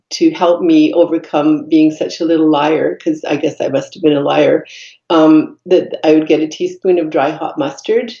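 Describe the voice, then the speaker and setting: A woman, a podcast guest telling her life story in an earnest, reflective way, pausing often with fillers. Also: fairly low pitch, dark tone. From Canada. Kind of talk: personal storytelling in conversation. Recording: dull echoey room recording.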